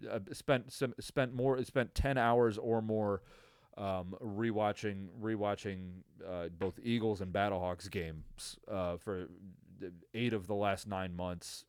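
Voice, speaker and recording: A man's voice: lowish voice, steady tone, slow pace, clean tone, no echo. A man hosting a casual sports podcast, ranting in a profane, tired way with lots of fillers and restarts, close to the mic. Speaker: podcast host.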